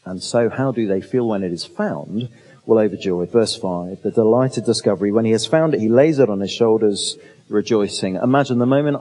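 A man's voice: lowish voice, warm tone, poor audio. A man preaching a conversational sermon, asking the listeners questions and adding humorous asides. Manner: conversational, asks rhetorical questions. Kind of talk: expository sermon.

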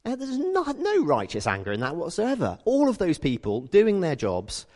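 A British man preaches a conversational sermon at normal speed, telling lively everyday stories and slipping into the voices of the people in them. His pitch rises and falls widely, and the long echo of a church hall rings around him.

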